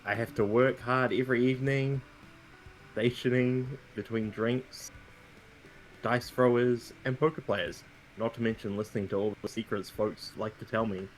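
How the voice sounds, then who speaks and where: A man's voice: medium pitch, steady tone, normal speed, slight background noise, close to an everyday voice, low-quality recording. A man playing a cheerful, hardworking saloon owner with a hesitant, stumbling delivery.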